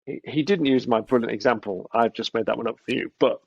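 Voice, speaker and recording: Chatting informally in an interview, this businessman guest acts out the voices of those he quotes as he tells lively stories. He talks fast with a creaky, husky mid-range voice, captured in a dry, dull, lo-fi recording.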